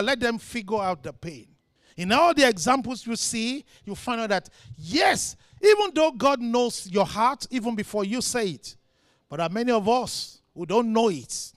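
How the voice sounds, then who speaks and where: A man preaching a sermon as pastor, impassioned, swinging between shouted lines and quiet ones. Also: very high-pitched, dry recording, studio quality.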